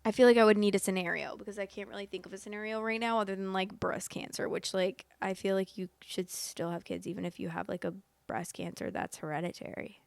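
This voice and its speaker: A woman's voice: mid-range voice, level tone, fast talker, creaky, few pauses, dry recording. A young woman hosting a casual vlog, chatty and rambling, laughing at her own jokes. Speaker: host. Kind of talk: casual chat reading and reacting.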